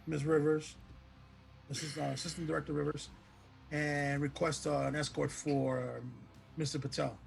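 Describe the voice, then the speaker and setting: A man playing his character in a tabletop game, measured and questioning. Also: a little high, little pitch movement, vocal fry. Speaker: player. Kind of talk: in-character tabletop role-play.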